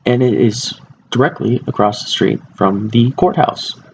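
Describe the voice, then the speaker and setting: A man's voice: mid-range voice, unhurried. A young man giving an informal informative speech, talking casually with fillers and restarts. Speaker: student speaker. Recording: muffled lo-fi recording with faint background hiss.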